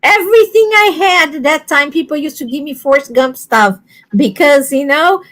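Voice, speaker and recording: High-pitched woman with a Brazilian accent. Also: normal speed. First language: Portuguese. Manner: animated storyteller, laughing often. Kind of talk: casual chat.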